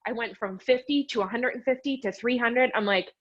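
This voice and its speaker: A woman's voice: on the high side, brisk, highs cut off. A young woman from western Pennsylvania, a fitness coach guesting on a podcast, telling her story in a chatty way and saying "like" constantly. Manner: chatty, fills speech with "like", animated retelling. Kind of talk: casual storytelling interview.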